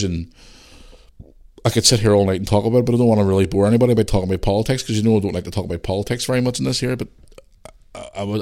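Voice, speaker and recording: Middle-aged Northern Irish man, solo podcast host, low voice, blunt sweary rambling, a bit worn out. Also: dark tone. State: tired, yawning. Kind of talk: casual solo podcast chat.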